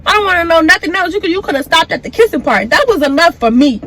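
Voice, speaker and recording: A young woman vlogger casually retelling a personal story, animated and profane, acting out the back-and-forth. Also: very high-pitched, fast talker, slight background noise. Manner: animated, profane, acts out the dialogue.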